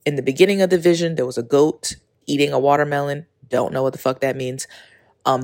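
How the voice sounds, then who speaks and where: A woman in her thirties hosting her own podcast, talking candidly and rambling with many fillers, recorded on a phone outdoors. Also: very deep voice. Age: 30s. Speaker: podcast host. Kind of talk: casual spoken intro and monologue. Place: outdoors on a walk or in a park.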